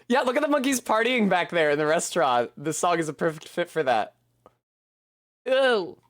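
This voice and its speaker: A man with a somewhat high, very animated voice thinks aloud as he plays a game on stream, rambling, self-deprecating and swearing occasionally. He keeps a moderate pace, and the close, dry recording has no room sound.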